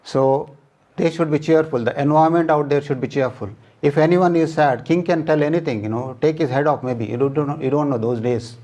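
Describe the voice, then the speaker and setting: A man preaching a sermon, explaining scripture step by step in plain, halting words with fillers. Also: a little high, mellow.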